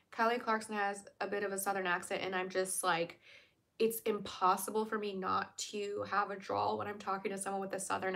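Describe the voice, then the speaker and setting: A woman's voice: mid-range voice, bright, forceful tone. A young woman from Virginia, chatting casually on a livestream, laughing often and answering viewer comments. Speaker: livestream host.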